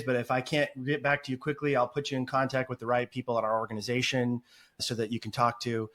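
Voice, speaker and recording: A talkative man as a podcast guest, telling stories in animated, rambling interview chat. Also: medium pitch. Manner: talkative and animated, apologizes for long answers. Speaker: podcast guest, agency founder.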